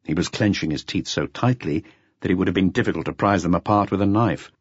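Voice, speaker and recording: A man narrating a mystery audiobook in a measured, expressive storytelling manner. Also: deep voice, slightly rough, dry recording. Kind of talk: scripted narration. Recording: slightly dull lo-fi audiobook recording.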